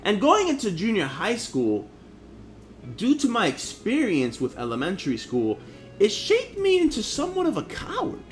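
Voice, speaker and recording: Animated young New man telling stories. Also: sits high, moderate pace, faint music behind. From Harlem, New York. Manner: blunt, profane, slangy ("bro", "yo"). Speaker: vlogger. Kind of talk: casual storytelling vlog.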